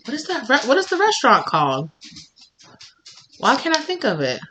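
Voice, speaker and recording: A woman's voice: high-pitched, huge pitch swings, moderate pace, background noise. A woman giving a chatty, blunt tarot reading, swearing freely and laughing often. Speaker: tarot reader.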